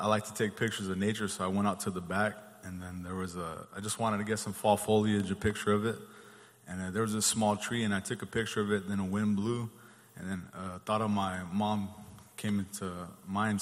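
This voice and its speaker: A man telling a guest story in a plain, steady way, with many fillers. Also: lowish voice, in a large hall. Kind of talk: casual storytelling.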